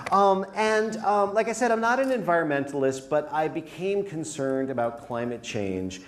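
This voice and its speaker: A man's voice: mid-range voice, roomy sound, a little hiss or hum. A man from New York and Connecticut giving a comedic talk, slipping into theatrical mock voices. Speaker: speaker, performance artist.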